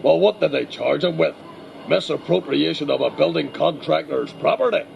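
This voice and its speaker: A gravelly old loyalist preacher. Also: male voice, fairly high pitch, lively intonation, normal speed, muffled recording. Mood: brusque. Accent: Northern Irish. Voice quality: gravelly, gruff. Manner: blunt, crude and bombastic. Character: blustering older male Northern Irish loyalist preacher. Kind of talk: comedy sketch impression.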